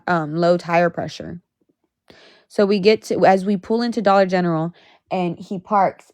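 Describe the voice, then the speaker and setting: A woman's voice: medium pitch, no echo, clean studio sound. A young woman telling a storytime on her vlog, blunt and profane, talking in a heated rant. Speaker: vlogger.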